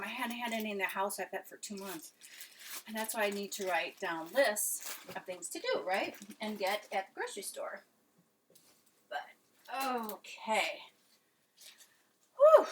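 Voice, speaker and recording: A woman's voice: mid-range voice, a bit bright, a little hiss or hum. Woman vlogger, chatty and rambling, casual home talk while eating. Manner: chatty, rambling, trailing off and restarting. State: out of breath. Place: her home, kitchen and living room couch.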